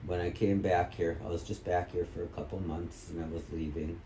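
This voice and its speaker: A man's voice: deep voice, flat delivery, a little fast, warm tone, slight background noise. A middle-aged man from Wisconsin angrily interrogating his mother, repeating questions and swearing heavily. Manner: angry, repetitive interrogating, heavy swearing. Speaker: vlogger confronting his mother. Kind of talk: heated family argument. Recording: echoey room.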